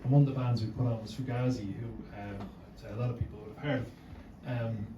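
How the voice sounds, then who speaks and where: An Irish man moderates a live panel in a relaxed way, with joking asides and hesitant fillers. His voice carries a roomy echo from a distant mic, over steady background noise. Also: medium pitch, fast talker, muffled recording. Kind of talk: casual panel hosting. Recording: echoey room, mic at a distance, background hum.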